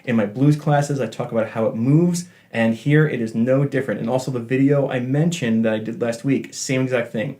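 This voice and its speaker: A man's voice: medium pitch, fairly even intonation, fairly quick, few pauses, warm tone. A man giving a casual guitar lesson in a chatty, joking way with self-deprecating asides. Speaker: guitar teacher. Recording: faint guitar playing behind.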